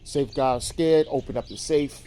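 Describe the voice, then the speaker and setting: A man's voice: mid-range voice, a little slow, dark tone, slight background noise. A man hosting a show, casually recapping a series in a rambling, profane way with lots of ums and repeated words.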